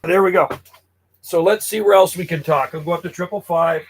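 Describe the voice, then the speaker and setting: A friendly Canadian ham radio operator calls on air from his home radio room during a live-streamed chat. His voice sits high and brisk with a breathy edge, and the audio quality is poor.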